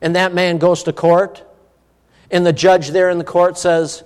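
A man preaching a sermon, animated, swinging between emphatic peaks and hushed asides. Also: fairly high pitch, a little slow, clear, resonant tone, long reverb tail.

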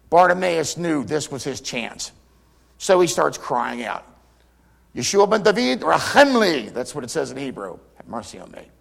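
A man preaching a sermon, retelling scripture stories dramatically and voicing the people in them, swinging from loud cries to near whispers. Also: fairly high pitch, gravelly. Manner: dramatic storytelling, acting out quotes with big swings in volume.

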